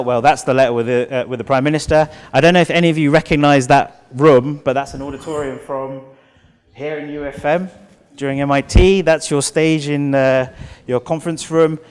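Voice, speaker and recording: A British man in his thirties giving an energetic motivational keynote in a large auditorium, telling stories with acted-out quotes. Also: medium pitch. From United Kingdom. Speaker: motivational speaker. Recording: long hall reverb.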